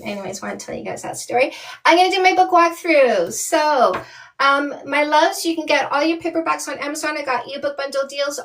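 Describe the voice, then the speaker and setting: A middle-aged dating coach from Canada chatting bluntly and animatedly with viewers on a live stream. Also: female voice, high voice, recorded from a distance. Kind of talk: casual live-stream chat.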